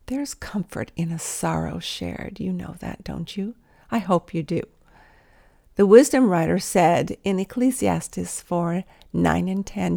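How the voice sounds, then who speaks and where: A woman's voice: mid-range voice, measured pace, creaky, darkish tone. A woman giving a devotional talk in an earnest, intimate manner, sometimes dropping to a whisper. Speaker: Christian speaker.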